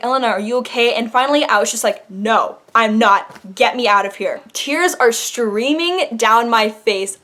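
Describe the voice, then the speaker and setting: A young woman vlogger telling a dramatic personal story in an animated, casual way. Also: on the high side. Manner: animated, dramatic retelling with laughs. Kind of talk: storytime vlog.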